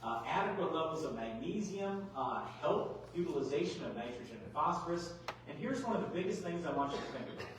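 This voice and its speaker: A middle-aged man giving a farm workshop talk, folksy and animated, full of rhetorical questions. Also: on the high side, slight background noise. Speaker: agronomy speaker. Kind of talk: workshop presentation. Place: large hall. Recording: echoey hall, mic far off.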